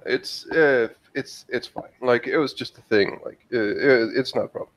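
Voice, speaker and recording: A man's voice: medium pitch, normal speed, fairly bright tone, close to an everyday voice. A man voicing a young female fighter who answers hesitantly, stammering and deflecting questions. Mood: evasive. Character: young woman fighter, evasive and guarded.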